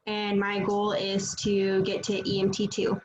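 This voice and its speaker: A woman's voice: mid-range voice, monotone, measured pace. A woman firefighter giving a matter-of-fact introduction in an online class. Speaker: firefighter student. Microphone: video call. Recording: muffled video-call audio with faint noise.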